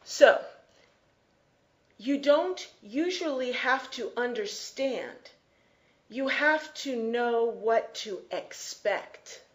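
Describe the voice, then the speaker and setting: A woman teaching an English class, explaining slowly and repeating key phrases. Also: fairly high pitch, lively intonation. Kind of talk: classroom lecture.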